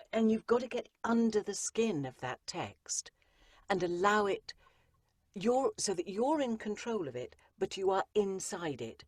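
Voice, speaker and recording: A woman's voice: on the low side, dry recording, studio quality. A woman, an audiobook narrator and coach, explaining her craft in an interview and driving points home through repetition. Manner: emphatic, repeats phrases for effect. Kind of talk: interview conversation.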